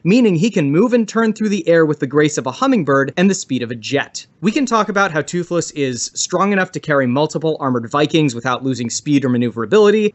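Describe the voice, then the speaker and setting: Brief: male podcast debater reading a prepared argument with animated, emphatic delivery. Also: fairly high pitch.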